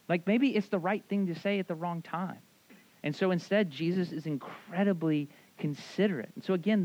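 A man's voice: high-pitched, highs cut off. A man preaching a casual sermon in a conversational way, often asking "right?" and acting out short quotes. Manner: conversational, animated, frequent "like" and "right?", acts out quotes. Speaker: pastor.

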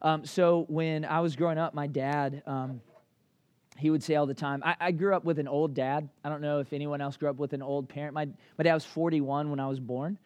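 High-voiced man preaching conversationally. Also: a little fast, clear, resonant tone, dry recording. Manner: conversational, lively, with many fillers and asides. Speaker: pastor. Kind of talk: sermon.

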